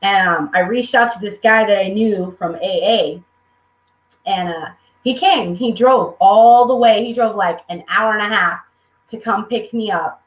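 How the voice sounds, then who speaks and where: A woman's voice: medium pitch, measured pace, roomy sound, poor audio. A woman speaking candidly at a recovery meeting, telling her own story with humor and acting out the people in it. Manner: candid, humorous, quotes people in lively voices. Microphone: video call.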